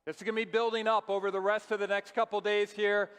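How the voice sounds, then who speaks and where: High-voiced man with smooth, resonant tone. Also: flat delivery, fast, a bit bright, in a large hall. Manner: earnest, urging the audience. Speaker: presenter. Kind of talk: closing remarks at a live event.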